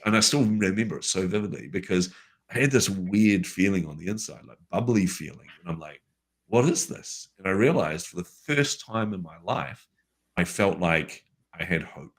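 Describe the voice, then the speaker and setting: A man with a New Zealand accent, a guest telling a story from his life in a lively, casual way with everyday fillers. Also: low voice. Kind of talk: conversational storytelling.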